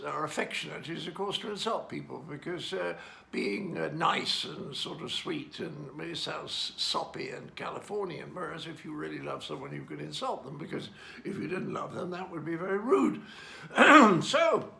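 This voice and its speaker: A gravelly older Englishman in his eighties speaks with a wry, playful touch. His voice is fairly high and bright, and it swoops around a lot as he tosses off affectionate mock insults in a personal birthday message. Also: expressive, moderate pace. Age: 80s. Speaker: celebrity sending a birthday message. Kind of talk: recorded personal video message.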